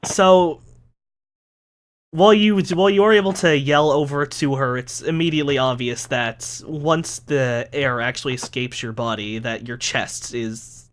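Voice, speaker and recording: A man's voice: mid-range voice, fairly even intonation, unhurried. Casual male game master narrating. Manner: casual, joking, swears freely.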